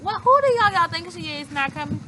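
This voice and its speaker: Lively high-voiced woman, casual chat. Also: quick pace, background noise. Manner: animated, slangy, laughs often. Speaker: podcast co-host.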